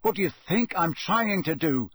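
A man voicing an anxious, hot-tempered teenage boy wizard in an audiobook reading, his voice pushed high and sharp. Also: very animated, normal speed, breathy edge, no room sound, studio quality. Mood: tense. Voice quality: sharp, raised voice.

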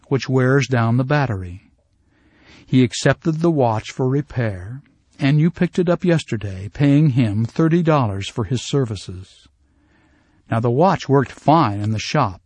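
A man with a middle-pitched voice reads a self-help course in a calm, measured way. His delivery is scripted and steady. The sound is dry and close, with no room around it. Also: no room sound. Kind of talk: scripted instructional narration.

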